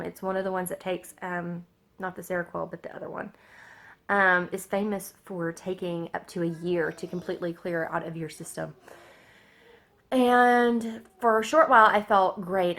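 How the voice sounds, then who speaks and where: A woman, telling a personal story in a halting way, with many fillers and restarts. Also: on the low side. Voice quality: gravelly. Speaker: vlogger.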